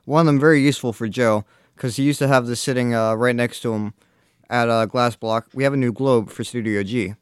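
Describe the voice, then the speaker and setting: A man with a smooth, resonant voice runs a casual podcast, hesitating with frequent uhs as he reads sports news. The sound is close and dry, with no room echo. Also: medium pitch, steady tone, fairly quick. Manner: hesitant, many filler uhs. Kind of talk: casual chat.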